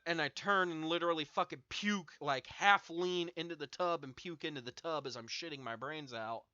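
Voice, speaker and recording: A man's voice: on the high side, moderate pace, sharp tone, no echo, highs cut off. Profane young man rambling through a story. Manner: profane, rambling anecdote with many fillers. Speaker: streamer host. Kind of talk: casual storytelling to chat.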